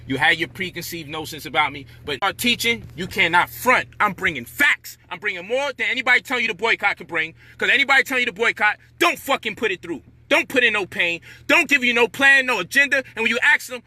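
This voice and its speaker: A man's high, very bright voice in a heated monologue. He rants with frustration, swears freely and lectures his listeners. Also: animated, quick pace, hardly any pauses, dry recording. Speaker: commentator.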